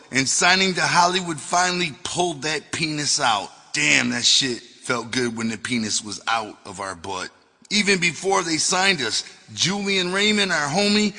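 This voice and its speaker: A man's voice: fairly high pitch, sharp tone, long reverb tail. A man reading his own memoir as an audiobook, telling it in a loose, profane way. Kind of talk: audiobook narration.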